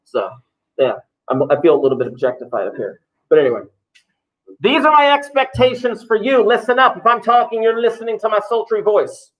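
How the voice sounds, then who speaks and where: A man's voice: sits high, lively intonation, brisk, fairly bright tone, rough recording. A man, a teacher talking loosely and jokingly to his class in a classroom. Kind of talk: classroom talk to students.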